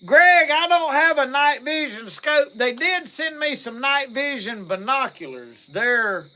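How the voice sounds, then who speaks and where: A man's voice: very high-pitched, expressive, measured pace, bright, forceful tone. A man with a Mississippi Southern accent, hosting a live stream and chatting in a folksy, rambling way as he reads out viewer comments. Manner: folksy, rambling, laughs easily. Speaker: livestream host.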